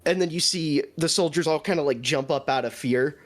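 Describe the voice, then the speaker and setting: A man narrating a tabletop role-playing game as game master, describing scenes in an animated way. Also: fairly high pitch, fairly quick, soft background music.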